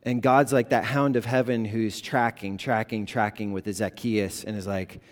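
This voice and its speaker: A man's voice: fairly low pitch, steady tone, moderate pace, few pauses. Conversational male pastor in a hall. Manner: conversational, storytelling, many fillers. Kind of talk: sermon.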